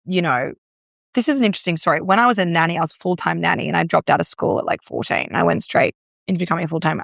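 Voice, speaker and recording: A woman's voice: low voice, creaky, no room sound, studio quality. A young Australian woman, a breathwork guest, telling stories in casual chat full of "like" fillers. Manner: chatty, storytelling, many "like" fillers.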